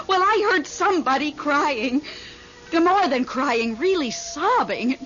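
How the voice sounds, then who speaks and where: An actress playing an anxious middle-aged widow in a 1970s radio drama, talking in a flustered, emotional way. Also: female voice, extremely high pitch, fairly bright tone, full character voice. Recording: dull lo-fi old radio recording with faint hiss.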